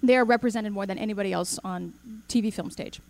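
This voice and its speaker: A woman giving a talk to an audience, telling a personal story with lively acted-out dialogue and questions to the crowd. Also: mid-range voice, fast talker. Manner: animated storyteller, acts out quoted dialogue, asks the audience questions. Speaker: speaker.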